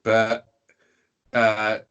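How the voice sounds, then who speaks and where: A man's voice: on the low side, completely flat delivery, very slow, a bit bright, clear, resonant tone, highs cut off. English guy, casual podcast storyteller, sweary, mimics the people in his tales. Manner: rambling, sweary, slips into voices for characters. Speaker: podcast guest.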